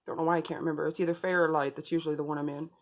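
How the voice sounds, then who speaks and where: A woman's voice: sits low, little pitch movement, very fast. A woman beauty vlogger talking viewers through a makeup tutorial in a casual, chatty way, speaking straight to them.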